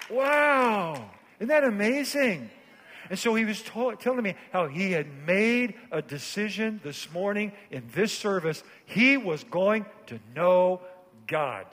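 High-voiced preaching pastor in a reverberant hall. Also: male voice. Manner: preaching with big swings from hushed low phrases to shouted climaxes. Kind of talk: sermon. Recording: long church hall reverb.

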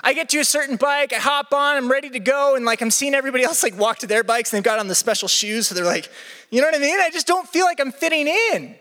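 A young male pastor preaching to a live audience in a large hall, his voice ringing out with a long reverb. He speaks high and bright, and he acts out his stories with big swings in pitch. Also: fast talker. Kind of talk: sermon with storytelling.

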